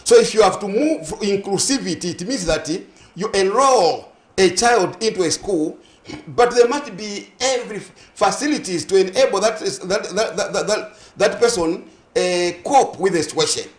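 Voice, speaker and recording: Zambian guy on a breakfast tv show, fairly high voice, piles on words for emphasis, roomy echoey studio. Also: animated, moderate pace. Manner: emphatic and rhetorical, stacking synonyms and asking listeners if they follow. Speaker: studio guest on a morning TV talk show. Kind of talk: passionate on-air discussion.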